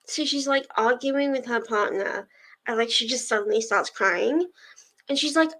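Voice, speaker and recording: A woman's voice: on the high side, moderate pace, a bit bright. A young woman hosting a livestream, chatting casually and rambling as she answers her viewers' messages. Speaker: livestream host of reading sprints. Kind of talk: casual chat with live viewers.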